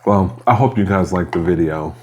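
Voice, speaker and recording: A man with a very low voice chats casually at home while eating on camera. He rambles and sounds mildly aggrieved, pausing between bites, with a faint hiss of noise under him. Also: a little mellow. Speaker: mukbang vlogger.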